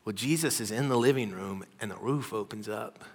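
A man preaching a sermon, telling personal stories with animated energy that drops to a hushed voice. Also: fairly low pitch, fairly quick, husky, big-room sound. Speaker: pastor. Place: church hall.

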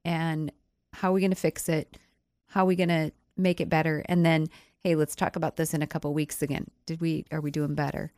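A woman co-hosts a Christian marriage radio show with a low voice that a cold has made husky. She talks through ideas calmly and conversationally. Her voice sounds close and dry in the studio. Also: fairly quick, no echo. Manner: conversational, calm and reasoned. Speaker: radio co-host.

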